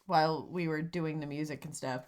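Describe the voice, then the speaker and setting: A woman co-hosting a comedy podcast, teasing dryly and talking in halting restarts. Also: low-pitched, steady tone, a little mellow. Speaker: podcast co-host. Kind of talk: casual comedy chat.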